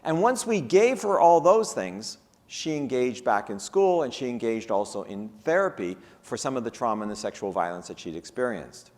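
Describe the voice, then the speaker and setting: A man's voice: medium pitch, moderate pace, hardly any pauses. A man giving a conference keynote, telling case stories and acting out the people in them. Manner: animated, acts out the people in his stories. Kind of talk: lecture with storytelling. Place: conference hall. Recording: long reverb of a lecture hall.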